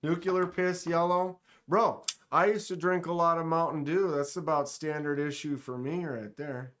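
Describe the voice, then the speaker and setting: A man hosting a casual live stream, joking around and talking straight to his chat with quick exclamations. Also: on the high side, steady tone, fairly bright tone, slight background noise. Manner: playful, joking, talks to chat directly; exclaims short interjections. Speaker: livestream host.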